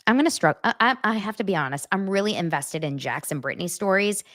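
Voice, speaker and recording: A woman's voice: mid-range voice, fast talker. A woman hosting a podcast, chatting casually and animatedly about reality TV, often turning to her listeners. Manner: chatty, animated, talks straight to her audience. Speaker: podcast host. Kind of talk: casual gossip chat.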